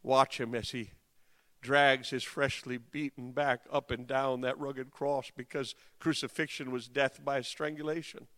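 A man preaching a dramatic sermon, swinging from hushed passages to impassioned cries. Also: medium pitch, little pitch movement, unhurried, big-room sound.

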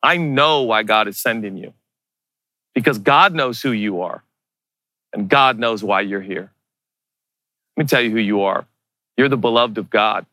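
A man's voice: lowish voice, unhurried, pauses often, pushed and bright, no room sound, studio quality. A male pastor preaching a sermon, emphatic, repeating rhetorical questions.

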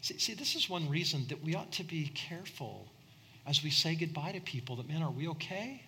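Man, middle-aged, pastor, sermon, bright tone, conversational, impassioned. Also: fairly high pitch, sing-song, fairly quick, slight background noise. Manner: conversational, repeats words, rises to impassioned peaks.

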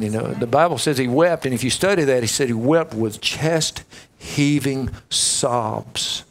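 A man preaching from the pulpit. His voice is folksy and heartfelt, shifting from joking with the congregation to earnest prayer. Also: medium pitch. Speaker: pastor. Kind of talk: sermon with closing prayer.

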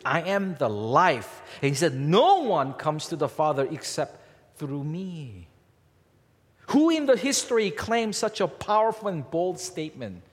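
Emphatic preacher in a reverberant hall. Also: male voice, on the high side, a bit bright. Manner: emphatic, rising and falling preaching with repeated phrases. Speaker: pastor. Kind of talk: sermon.

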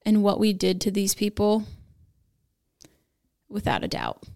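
A woman's voice: medium pitch, big pitch swings, measured pace, vocal fry, dark tone. A woman guest in a podcast interview, talking earnestly and emphatically about policy. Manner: earnest, emphatic, rising to stress points. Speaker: nurse guest, advocacy founder.

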